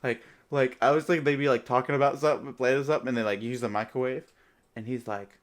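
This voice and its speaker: A man's voice: medium pitch, fairly even intonation, fast talker. A young man hosting a podcast in casual chat, rambling with lots of filler words and frequent laughter. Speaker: podcast host.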